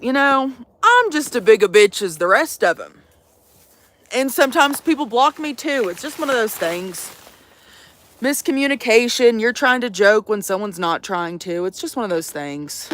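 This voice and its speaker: A young woman with a drawl livestreams from her van into a phone, teasing her viewers and swearing freely. Her voice sits a bit high and swings widely in pitch. The sound is close and dry, with no room ring. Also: a bit bright, no room sound. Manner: swearing, teasing, sassy, addresses viewers as y'all. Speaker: vanlife livestreamer. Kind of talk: casual livestream chat.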